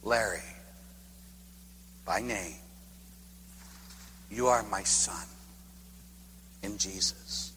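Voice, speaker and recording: A man voicing God the Father speaking gently, hushed, slow and tender, in an echoey hall. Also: medium pitch, expressive. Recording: echoey hall, faint hum.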